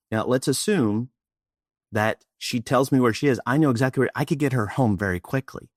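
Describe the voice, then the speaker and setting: A man's voice: medium pitch, a little fast, dry recording, studio quality. A middle-aged man from Austin, Texas, a presentation coach telling a story in an interview and acting out bits of dialogue. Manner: animated, acts out dialogue.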